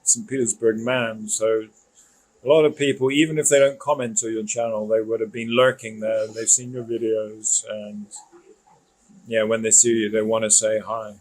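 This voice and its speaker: A man's voice: lowish voice, little pitch movement, normal speed, a little mellow, poor audio. A British man joining as a guest in a casual chat, full of self-deprecating jokes. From Britain. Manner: joking, self-deprecating banter.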